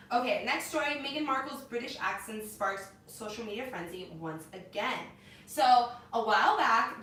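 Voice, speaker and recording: A young woman co-hosting a casual entertainment news chat, opinionated and animated, with lots of "like.". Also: mid-range voice. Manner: animated, opinionated, heavy use of "like". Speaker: co-host. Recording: echoey room, mic at a distance, faint noise.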